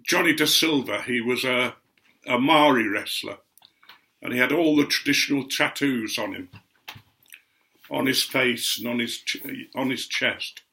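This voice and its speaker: Speaking unhurriedly at a medium pitch, a bright-voiced older man from Otley, Yorkshire, England, tells stories as a guest speaker recalling the past. He drifts along chattily, offering gentle asides as he goes.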